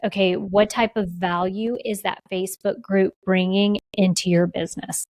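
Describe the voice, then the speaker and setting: A woman's voice: mid-range voice, fairly even intonation, moderate pace, darkish tone, no room sound, rough recording. A woman co-hosting a podcast in a casual, conversational chat with a playful teasing side. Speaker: podcast co-host.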